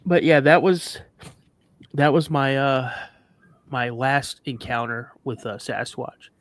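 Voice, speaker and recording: Speaking slowly in a mid-range voice, a male guest on a live show tells an emotional story about a frightening encounter, bringing it to life by acting out what others said.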